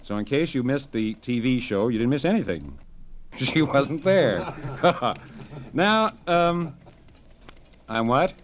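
A middle-aged man giving a deadpan, satirical radio monologue about television, wry and offhand, chuckling at his own remarks. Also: medium pitch, slow, long pauses. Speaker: radio humorist reviewing television. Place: radio studio.

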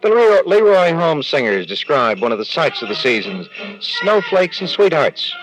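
A man's voice: a little high, sing-song, moderate pace, music in the background, low-quality recording. A man announcing on a vintage radio program in a jaunty, playful manner.

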